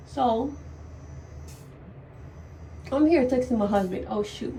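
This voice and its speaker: A young woman tells her birth story in a casual, emotional vlog, cursing here and there as she does her makeup. Her voice sits a bit high. She is a little away from the mic, with faint background noise. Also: slow pace, long pauses, mellow, recorded from a distance, poor audio. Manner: chatty, emotional, swears casually, talks while doing makeup. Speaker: vlogger.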